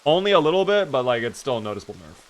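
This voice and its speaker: Rapid-fire and mid-range, a young man's voice runs through a casual survival-game live stream. He reads out the chat and keeps exploding in animated exasperation at his character.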